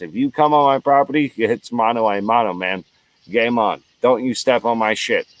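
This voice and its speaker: Heated, profane man ranting. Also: on the low side. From United States. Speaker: show host. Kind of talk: angry solo rant.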